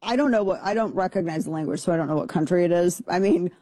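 A man's voice: sits high, fast talker, dark tone, no echo. A man hosting a talk radio show, reacting to a video with incredulous jokes and rambling restarts. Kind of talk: casual talk radio commentary.

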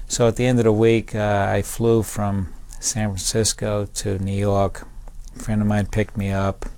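An older man, a veteran, telling a personal story in a measured, reflective way. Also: fairly low pitch, little pitch movement, a little mellow, clear, resonant tone. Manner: measured, reflective, with small restarts.

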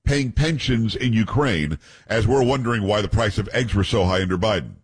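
A man's voice: fairly low pitch, moderate pace, husky. A man hosting a talk radio show, reading news aloud with blunt opinions and joking asides to his co-hosts.

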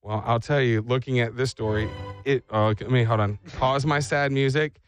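A man's voice: medium pitch, a little fast, soft background music. A man hosting a radio show, chatting casually and acting out stories with comic energy. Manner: animated storyteller who acts out voices. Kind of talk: casual comedic chat.

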